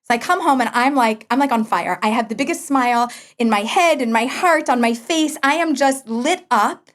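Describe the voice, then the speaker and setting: Speaking at a moderate pace in a slightly high voice, this podcast guest in her forties recounts something from her own life. She's lively, performs the conversations herself, and laughs frequently.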